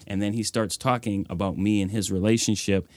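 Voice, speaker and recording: A young man with a low voice tells stories from his own life in an interview. He speaks earnestly and fills his sentences with "like" and "you know". The recording is close and dry. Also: steady tone, brisk, no room sound. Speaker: nonprofit executive director, guest. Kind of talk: reflective interview storytelling.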